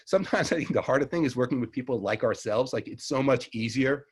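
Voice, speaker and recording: Quick-paced and slightly rough, this middle-aged man's medium-pitched voice has lively intonation and a Long Island New York accent. Lecturing in a casual online herbalism class, he rambles chattily and keeps correcting himself with little laughs.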